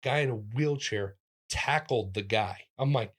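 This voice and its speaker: A man, a comedian, telling stories in a casual interview, animated and acting out the voices of people he quotes with sudden jumps in pitch. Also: moderate pace, breathy edge. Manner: talks in restarts and fillers, lively physical-comic energy. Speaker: comedian guest.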